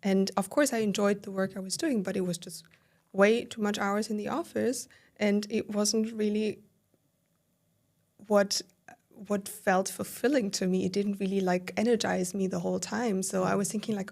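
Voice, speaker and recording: A woman appears as a podcast guest, candidly and animatedly retelling her own experience, heavy on fillers and quoting her inner thoughts. Her voice is gravelly and medium-pitched, at a moderate pace.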